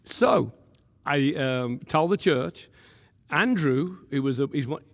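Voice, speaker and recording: Gravelly male pastor guest, a bit higher pitch, lively storyteller who laughs and acts out quotes, reverberant room. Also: slow pace. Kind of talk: animated storytelling.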